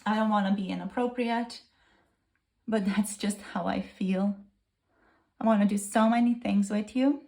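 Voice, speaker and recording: A woman's voice: medium pitch, steady tone, measured pace, gravelly, long pauses, a little mellow. A woman tarot reader speaking a channeled message in the first person, earnest and gushing, repeating herself.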